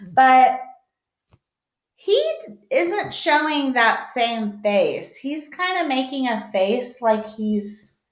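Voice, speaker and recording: Teacher lady reading picture books with little kids, takes her time, slightly high voice, roomy dull sound. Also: sing-song. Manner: slow, patient, explains step by step. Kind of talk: recorded reading lesson for young children.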